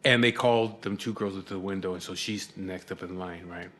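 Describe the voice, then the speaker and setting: Male vlogger, lowish voice, rambling and profane, exasperated casual storytelling. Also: fairly even intonation, fairly quick, a bit bright.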